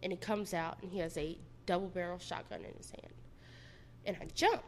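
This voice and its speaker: A woman's voice: on the low side, fairly even intonation, a little fast, slight background noise. A woman telling her own story in a casual, candid and profane way.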